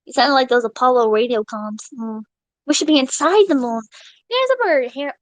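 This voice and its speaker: A woman streaming live, chatting casually with her viewers in an excitable, rambling and profane way, reading out donations. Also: high-pitched, normal speed, no echo, poor audio.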